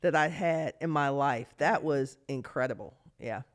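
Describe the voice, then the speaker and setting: A lively woman in her fifties tells stories from her playing career in a relaxed interview. She talks with real animation, laughs easily and jumps into other people's voices as she quotes them. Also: rumbling low, measured pace. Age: 50s. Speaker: guest, former pro basketball player. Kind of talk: casual interview storytelling.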